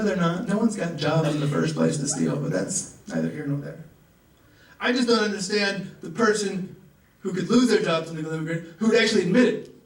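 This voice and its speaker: A young man from the American South performing a stand-up comedy set and acting out characters in raised voices. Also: high voice. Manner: rapid asides, acts out characters in raised voices. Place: comedy club. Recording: roomy club audio from a distant mic.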